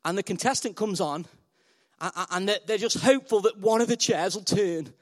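A male pastor preaching a sermon in a playful, energetic way and speaking directly to the congregation. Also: high-pitched, a little fast.

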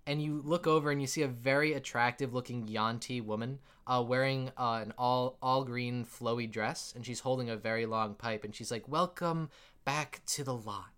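A man's voice: medium pitch, little pitch movement, moderate pace, hardly any pauses, a bit bright, clean tone. A man narrating a tabletop game as game master, rambling with many fillers and frequent laughter.

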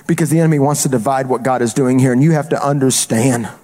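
A man's voice: medium pitch, fast, dark tone. A male traveling evangelist preaching a sermon in an emphatic, colloquial way, repeating phrases for punch.

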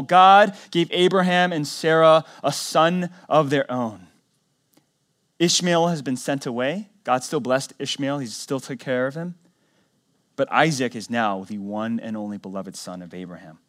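A man preaching a sermon as pastor, telling the story in a conversational way and swinging between loud emphatic lines and quiet low ones. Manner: conversational storytelling with acted quotes.

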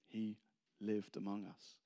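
A man's voice: on the low side, little pitch movement, slow, warm tone. A man preaching a casual, humorous sermon, rambling and self-deprecating between anecdotes.

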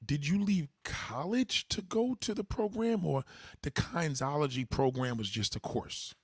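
A man hosting a livestream in a casual, profanity-laced chat. His husky voice swings widely in pitch as he tells animated stories. The sound is dry and close. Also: normal speed, no room sound. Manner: loud, profane, animated storytelling. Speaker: livestream host.

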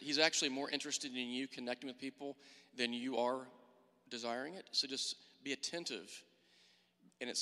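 A man giving an earnest testimony and prayer in church, halting with restarts and fillers. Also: mid-range voice, sharp tone. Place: large church hall. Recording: long reverb of a church hall.

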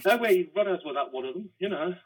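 Comic, blunt and sweary, fairly high voice with lively swings, a bit husky. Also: male voice, fast, crowd noise, poor audio. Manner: blunt, sweary, dry banter. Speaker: stand-up comedian, co-host. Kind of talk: crude comedy chat.

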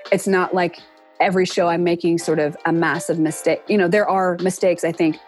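A woman in her forties, a guest in a casual interview, talking earnestly and reflectively and acting out quoted speech with lively pitch jumps. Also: a little fast, soft background music. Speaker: interview guest, entertainment production professional.

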